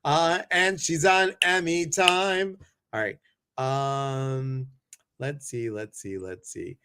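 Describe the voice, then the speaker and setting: Brief: male live-stream host, casual and animated, greets viewers by name. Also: mid-range voice, slow, clean tone.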